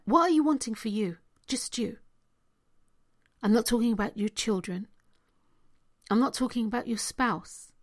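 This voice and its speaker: With a slightly high, somewhat bright voice, this spiritual coach motivates her viewers while hiccuping. She emphasizes key phrases by repeating them, occasionally sinking almost to a whisper.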